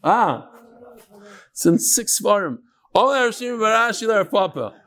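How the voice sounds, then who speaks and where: A rabbi gives his Talmud class a lively, animated lecture, speaking directly to the students before him and breaking off to tell stories. His voice is somewhat high and his speed normal.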